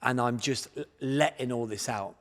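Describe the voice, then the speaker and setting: A man in his forties with an English accent, a guest on a podcast, telling his own life story in animated bursts and acting out his past thoughts. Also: mid-range voice, normal speed, big-room sound. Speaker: guest, martial arts champion.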